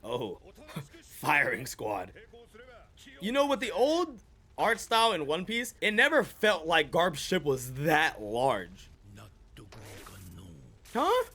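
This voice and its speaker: A high, bright male voice that swings wildly between muttered asides and excited shouting. He reacts to an anime with loud, slangy hype, his pitch leaping up whenever he gets worked up. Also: slow pace, pauses often.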